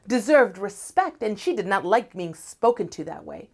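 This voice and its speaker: A woman telling a folktale aloud in an expressive, dramatic way, at times dropping to a hushed tone. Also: medium pitch, unhurried. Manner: expressive, dramatic, drops to soft hushed tones. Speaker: storyteller. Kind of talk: oral folktale storytelling.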